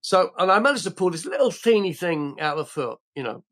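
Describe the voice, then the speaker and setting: A man's voice: sits high, big pitch swings, fast, fairly bright tone. Rambling older man telling stories. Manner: rambling, many restarts and fillers. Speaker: podcast guest, actor. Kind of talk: casual anecdote telling.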